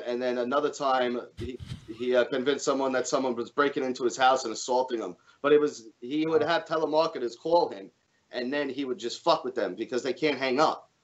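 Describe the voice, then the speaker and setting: On a live comedy podcast, a male guest with a mid-range voice chats casually, spinning stories laced with swearing and acting out the voices of people he quotes. The audio has its highs cut off.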